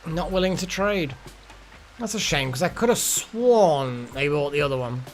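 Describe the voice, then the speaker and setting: Streamer, male, slightly high voice, chatty and profane, thinks out loud. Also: lively intonation, moderate pace, soft background music. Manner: rambling, swears casually, muses aloud. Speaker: game streamer. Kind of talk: casual gameplay commentary.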